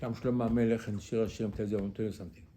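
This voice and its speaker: A man giving a sermon as a rabbi, asking rhetorical questions and repeating them, with Hebrew religious terms mixed into his English, moving between hushed asides and emphatic lines. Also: on the low side, level tone, racing, a little hiss or hum. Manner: loudness swings from hushed to emphatic.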